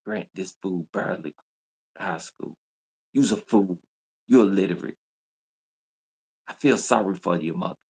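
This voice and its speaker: A man's voice: low voice, unhurried, long pauses, a little mellow, breathy edge. A man, scolding his audience in a repetitive, confrontational livestream rant. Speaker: livestream host. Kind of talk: ranting livestream monologue.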